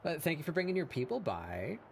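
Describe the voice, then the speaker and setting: A man hosting a casual art live stream, hoarse after hours of talking, rambling with fillers and laughs. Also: fairly high pitch, wildly swooping pitch, quick pace, a little mellow. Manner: rambling and self-deprecating, with frequent fillers and laughs. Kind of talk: casual live-stream chat while drawing.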